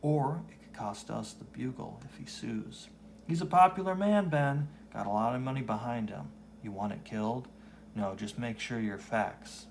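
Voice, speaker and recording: A man voicing a gruff, cautious middle-aged newspaper editor warning a reporter, in a comic reading. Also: mid-range voice, normal speed, slight background noise, lightly acted. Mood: stern. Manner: gruff, blunt.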